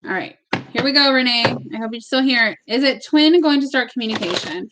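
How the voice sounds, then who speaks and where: A woman's voice: on the high side, brisk, background noise. A woman giving live-stream tarot readings at home, chatty and casual, sometimes emotional, with the odd swear word. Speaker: tarot reader. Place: home with barking dogs.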